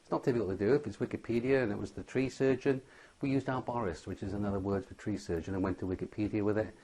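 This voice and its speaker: Speaking fast in a warm, low-leaning voice with fairly even intonation, an SEO instructor teaches a tutorial on how websites rank. He hammers home every point and repeatedly asks "okay?" to check in.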